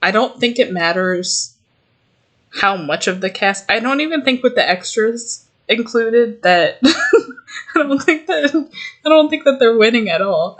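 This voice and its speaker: A woman's voice: on the high side, a bit bright. A young woman co-hosting a podcast in casual chat, giggly and rambling, swearing freely. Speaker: podcast co-host.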